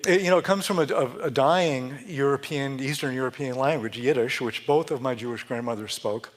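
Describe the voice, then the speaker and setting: Speaking a little fast in a medium pitch, this man delivers a chatty Sunday sermon in a church sanctuary. He jokes around, keeps starting his sentences over, and chuckles at his own jokes.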